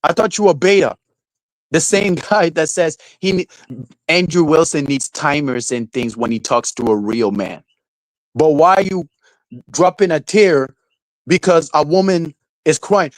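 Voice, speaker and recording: Young man, live-stream rant, profane, mocking falsetto jabs, fairly high voice, dry close mic. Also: unhurried, no echo, low-quality recording. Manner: ranting, profane, mocking, falsetto mimicry of quotes.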